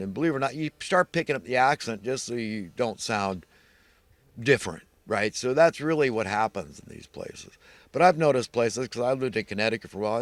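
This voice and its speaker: A middle-aged American vlogger delivers an earnest moral monologue that rambles, with him repeating himself and restarting phrases. His voice is mid-range, and the recording has no echo.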